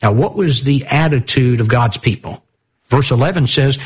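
A man leads a Bible study in a slightly husky voice at a middle pitch. He keeps asking his listeners rhetorical questions and reads scripture aloud in a plain teaching manner. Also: moderate pace.

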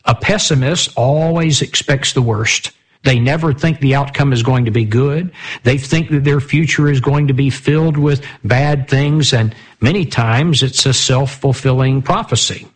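A man leads a Bible study in a slightly husky voice at a middle pitch. He keeps asking his listeners rhetorical questions and reads scripture aloud in a plain teaching manner. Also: normal speed.

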